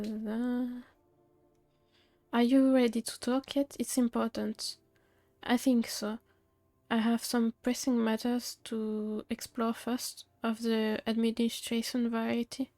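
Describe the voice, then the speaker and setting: Woman streamer, higher voice, reads game lines flatly into a desk mic. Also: dry recording. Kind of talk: reading game dialogue aloud.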